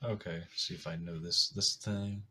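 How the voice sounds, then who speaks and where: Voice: low-pitched, fairly even intonation, moderate pace, pushed and bright, a little hiss or hum. A player in a tabletop game, chatting casually and joking in a rambling way with many restarts.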